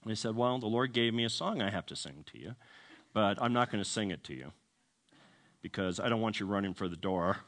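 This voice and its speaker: A man's voice: on the low side, brisk. A man telling a story in a sermon, humorous and self-deprecating, acting out the voices of the people in it. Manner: animated storytelling, acts out quoted voices. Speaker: preacher.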